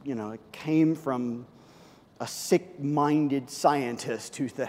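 A middle-aged man preaching a sermon as pastor, telling a story in an animated, chatty way with lots of fillers. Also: mid-range voice, takes it slowly. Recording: long reverb of a large hall.

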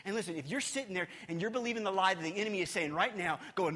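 A pastor delivers a sermon in a church hall, his high voice rapid-fire with few pauses. He's emphatic, swinging between loud and hushed, and repeats words while collecting his thoughts.

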